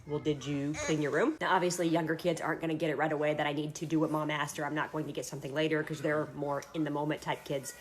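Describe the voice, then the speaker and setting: A woman's voice: deep voice, little pitch movement, racing, few pauses, noisy background. A young woman and mother giving practical parenting tips step by step, in a matter-of-fact way. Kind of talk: direct-to-camera parenting advice.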